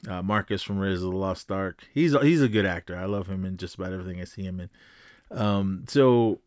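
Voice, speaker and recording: A man's voice: low-pitched, brisk, darkish tone, no room sound. Rambling male podcast host in a dry room. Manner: rambling, full of fillers, acts out quotes. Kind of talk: casual movie recap.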